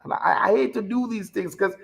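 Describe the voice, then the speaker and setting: A man's voice: high voice, fairly quick, vocal fry, fairly bright tone, rough recording. A man hosting a live talk show, delivering an emotional, preachy monologue with repeated phrases for emphasis.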